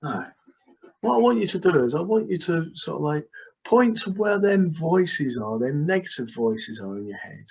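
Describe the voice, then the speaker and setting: A man's voice: a little high, animated, moderate pace, gravelly, a little mellow. Hypnotist man, soothing, on a dull call. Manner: soothing, repetitive trance suggestions. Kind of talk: guided hypnosis session. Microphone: video call. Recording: dull, lo-fi video call audio.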